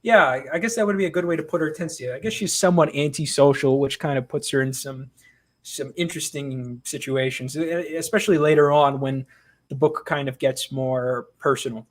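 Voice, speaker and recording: A man, a comic book writer being interviewed, chatting casually and telling animated, self-mocking stories. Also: fairly high pitch, fairly quick.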